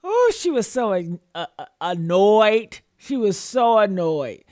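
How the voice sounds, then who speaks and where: A woman's voice: fairly high pitch, lively intonation, measured pace, hardly any pauses, dry recording, clean studio sound. A woman giving casual reaction commentary, sassy and mocking, laughing often and talking straight to her viewers.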